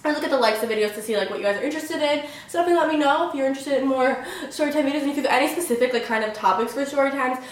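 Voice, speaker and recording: A young woman rattles off a dramatic storytime at a fast clip, her voice sitting a little high. She piles "like" into nearly every phrase. The sound is very echoey and the mic sits some distance away. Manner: chatty, fills every phrase with "like"; excitable, dramatic retelling. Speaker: vlogger. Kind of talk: casual storytime vlog.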